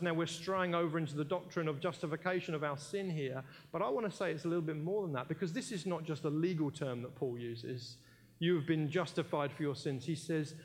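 A British man with a slightly high voice preaches a sermon in a church. He's emphatic, repeats key phrases, and tells anecdotes sprinkled with jokey asides.

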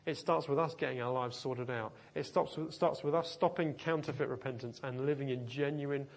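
A man preaching a sermon to his congregation, emphatic and lively, with humorous asides. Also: medium pitch, fairly quick. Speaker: pastor.

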